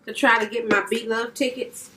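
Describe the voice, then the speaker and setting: A woman's voice: on the high side, level tone, moderate pace, distant mic. A woman from Louisiana co-hosting an eating video, chatting casually and laughing easily. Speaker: mukbang co-host. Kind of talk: casual chat while eating. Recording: voice from a bit away, light hiss.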